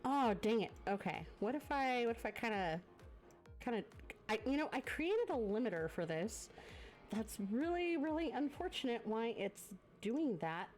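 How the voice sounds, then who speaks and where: A woman's voice: a little high, sing-song, normal speed, a little mellow, faint music behind. Congested, gushing female streamer. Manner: effusive, gushing thanks to viewers with many fillers. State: congested from a lingering cough. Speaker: variety streamer hosting a guest. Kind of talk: casual live-stream chat. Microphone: desk microphone.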